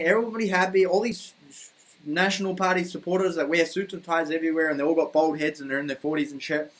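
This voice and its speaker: A man with a New Zealand accent delivering a rambling, profane, heated opinion rant to camera at home. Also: high voice. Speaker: vlogger. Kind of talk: ranting opinion monologue. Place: room at home.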